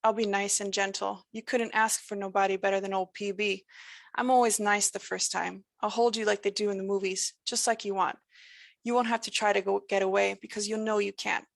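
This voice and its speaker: A woman gives voice to a menacing male entity who drawls in lilting, sing-song spirals. His folksy, rambling lines carry a gravelly edge. The sound is dry and close. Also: mid-range voice, level tone, a little fast, no room sound, close to an everyday voice.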